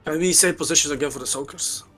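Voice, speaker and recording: Blunt raider, faint music. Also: male voice, fairly high pitch, quick pace. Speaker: raid member. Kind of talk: casual voice chat.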